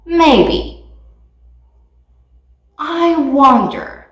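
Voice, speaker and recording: A woman voicing an excitable, cheerful witch who shouts her spells in a drawn-out way. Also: high voice, recorded from a distance, voice pushed up, exaggerated voice. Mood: exclaiming. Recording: echoey room, voice off mic.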